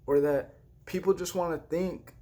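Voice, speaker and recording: A man's voice: on the high side, fairly even intonation, measured pace, mellow. A young man giving a frustrated personal rant in a vlog, heated and repetitive, swearing freely. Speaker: vlogger.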